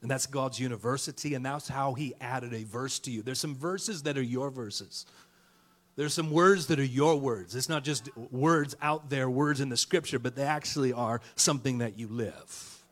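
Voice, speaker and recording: A middle-aged male pastor preaching a lively sermon in a church, calling out to the congregation and rhyming. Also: medium pitch, normal speed. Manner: fired-up preaching with call-and-response and rhymes. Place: church sanctuary.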